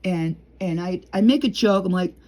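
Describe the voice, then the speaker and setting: A middle-aged woman talking casually to camera from home, rambling and chatty, laughing often and sometimes dropping low and quiet. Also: moderate pace. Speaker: vlogger.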